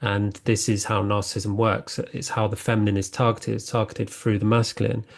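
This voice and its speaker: This man's voice sits low and creaks, and his delivery stays flat. As host of a spiritual podcast, he offers an earnest, reflective monologue, stopping often with fillers and starting over.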